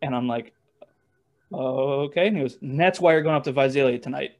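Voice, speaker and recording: Speaking at a brisk clip, a former baseball catcher, still a young man, spins stories in a relaxed interview setting. His pitch sits in the middle, and he wanders, restarting often and leaning on fillers.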